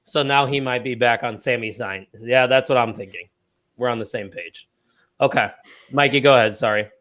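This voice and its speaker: A man's voice: medium pitch, normal speed, fairly bright tone. A man hosting a podcast, leading a casual, joking chat. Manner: joking, leads the discussion. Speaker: podcast host.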